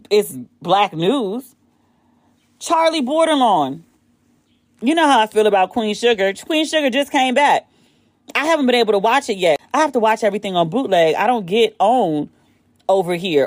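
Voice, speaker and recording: A woman hosts a podcast alone, talking at an easy middle pitch. She is candid and profane and gets worked up and laughs easily. Her phone recording sounds dry and close, with no room echo. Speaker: podcast host. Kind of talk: casual solo commentary.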